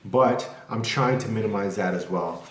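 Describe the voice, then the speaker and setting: Speaking at normal speed with a fairly low voice, a man rambles candidly in a casual at-home vlog, swearing freely as he addresses the camera. The recording has an echoey room sound.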